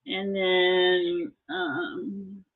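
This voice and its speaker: A middle-aged woman hosting a live collectibles sale, chatting casually and telling a story in an animated way. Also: medium pitch, very slow, vocal fry. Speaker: host selling collectibles. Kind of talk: casual sales chat and storytelling. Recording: tinny phone-like audio.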